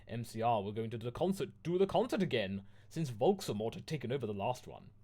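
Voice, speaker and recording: Man doing a lively comic reading. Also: mid-range voice, fast. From United Kingdom. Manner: mock-dramatic, lively delivery. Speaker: host reading fanfiction aloud.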